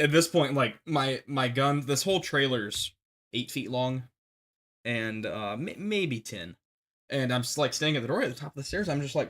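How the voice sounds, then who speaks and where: Young guy on a podcast telling a war story, bright edgy voice, lots of ums and restarts. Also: medium pitch. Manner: rambling, full of restarts and fillers, shouts when reenacting.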